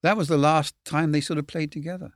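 A man's voice: on the high side, fairly even intonation, quick pace, no echo, clean studio sound. An older man, a film cameraman telling rambling, candid stories as a guest. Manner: rambling, candid, swears casually, chuckles. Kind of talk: anecdotal storytelling.

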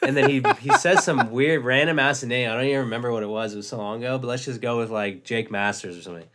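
A man's voice: medium pitch, fast, fairly bright tone, a little hiss or hum. A man in his twenties co-hosting a podcast, chatting casually, laid-back and swearing as he tells a story. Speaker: podcast co-host.

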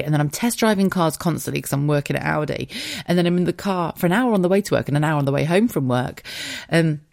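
A woman's voice: low voice, vocal fry, darkish tone. A woman hosting a podcast, telling a personal story in a casual, rambling way, open, emotional and a little sweary. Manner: chatty and rambling, with asides and frequent laughter. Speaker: podcast host.

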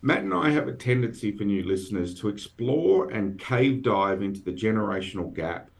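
A man's voice: on the low side, animated, normal speed, vocal fry. A man hosting a podcast in casual chat, wry and self-deprecating. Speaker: podcast host.

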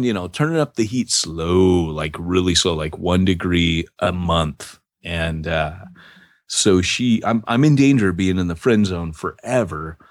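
A man's voice: low-pitched, no room sound, clean studio sound. A middle-aged man, a podcast co-host, telling a long personal story in a casual, rambling way with lots of restarts.

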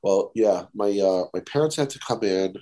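A man telling a story in a casual chat, animated and laughing often, quoting people. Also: on the low side, moderate pace. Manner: animated, laughing, quotes people in put-on voices. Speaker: podcast guest.

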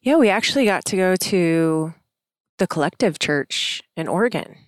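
Low-voiced woman in chatty podcast talk. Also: lively intonation, moderate pace, dry recording. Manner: chatty, teasing. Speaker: podcast co-host. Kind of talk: casual chat.

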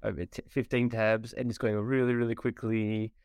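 A man hosting a podcast in casual chat, lively and prone to repeating words. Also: fairly low pitch, normal speed, clean tone, no room sound, clean studio sound. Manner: chatty, laughs easily, repeats words. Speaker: podcast host.

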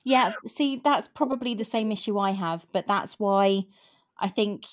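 Animated woman in her fifties. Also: medium pitch, a little slow. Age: 50s. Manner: animated, laughs often, rambling. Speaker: podcast host. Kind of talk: casual book chat.

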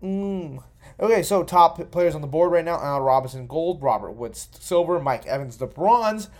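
Young male podcast host, a bit drunk, loose and profane, pitched slightly high. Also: moderate pace. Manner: profane, rambling, excitable. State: tipsy. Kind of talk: casual solo commentary.

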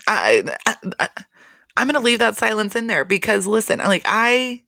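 A woman giving a casual solo recap of a reality show, rambling and expressive, swearing freely and laughing often. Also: mid-range voice, moderate pace, creaky, dry recording, studio quality.

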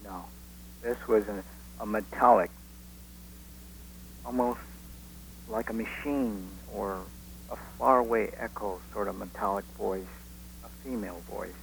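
A man who witnessed an event, recalling it haltingly with many restarts as a guest on a radio interview. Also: lowish voice, steady tone, vocal fry, a little hiss or hum, low-quality recording. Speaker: eyewitness guest.

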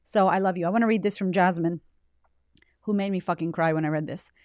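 A woman's voice: fairly low pitch, brisk, darkish tone, dry recording. A woman hosting her own podcast in a heartfelt, casual monologue. She is emotional and close to tears, and swears freely as she gushes her thanks. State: teary, close to crying. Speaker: podcast host.

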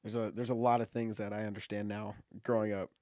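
A young man, the host's son, chatting casually and telling a family story with an easy, relaxed manner. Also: on the low side, quick pace, no echo, clean studio sound.

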